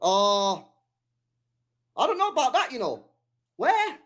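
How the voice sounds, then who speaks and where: A young man live-streaming his reaction to a football match, excitable and slangy, shouting at the screen and swearing. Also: extremely high pitch, slow pace.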